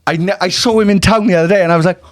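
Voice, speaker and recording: A man's voice: high voice, rapid-fire. A man with a South Wales Valleys accent tells sweary, laughing stories on a casual pub podcast, acting out other people's voices as he goes. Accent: Welsh, South Wales Valleys. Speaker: podcast host. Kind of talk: casual pub chat storytelling.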